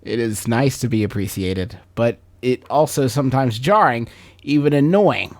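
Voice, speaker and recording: A man's voice: medium pitch, expressive, moderate pace, a little mellow. A man co-hosting a comedy podcast who reads a listener's letter aloud and then teases his co-hosts sarcastically.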